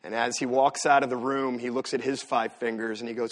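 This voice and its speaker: A man preaching a sermon as pastor, swinging from loud emphatic lines to soft asides. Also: mid-range voice, a little fast. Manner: animated preaching, rises loud for emphasis then drops soft.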